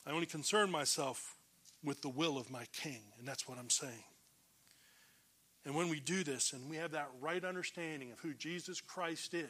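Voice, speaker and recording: A man preaching a sermon as a pastor, emphatic, swinging between loud declarations and hushed low lines. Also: moderate pace.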